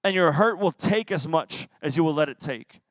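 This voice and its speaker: A young man, a youth pastor, giving a lively sermon to teens and playfully acting out quotes. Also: a little high, normal speed, no echo. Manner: playful, acts out voices and quotes. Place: church youth service.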